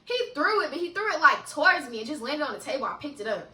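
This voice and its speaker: A young woman telling a casual story-time vlog, animated and laughing often, with frequent swearing, recorded in an echoey room a little away from the mic. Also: high voice, fast talker, far from the mic. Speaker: vlogger.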